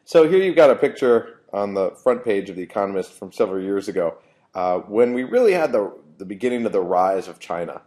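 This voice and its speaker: A man's voice: fairly low pitch, very animated, brisk, dark tone. A man, a professor, giving a university lecture in an explanatory way, often restarting phrases.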